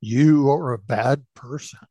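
Man playing a patient father, slow, low-key, gravelly, dry sound. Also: warm tone, no room sound, dull audio, heavily acted. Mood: wise. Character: calm wise father teaching his son.

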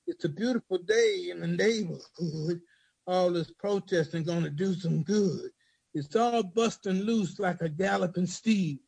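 A man with a gravelly, fairly high voice, speaking haltingly with many pauses before he reads his poem in a steady, rhythmic spoken-word cadence. The sound is dry and close, with no room around it. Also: dry recording, rough recording. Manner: halting and hesitant in speech, rhythmic in recitation. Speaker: poet reading his own poem. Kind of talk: spoken word poetry reading.

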